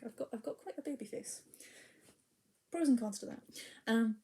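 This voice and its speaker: A woman's voice: fairly high pitch, normal speed, warm tone. A woman, a spoken word poet talking chattily before reading, dropping into whispered asides, heard over a video call.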